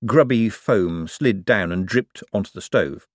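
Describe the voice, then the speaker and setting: A male narrator reads a comic novel aloud with wry, expressive storytelling. His pitch is animated and lively, and the recording is dry and close. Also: unhurried, no room sound. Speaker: audiobook narrator. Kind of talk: scripted narration.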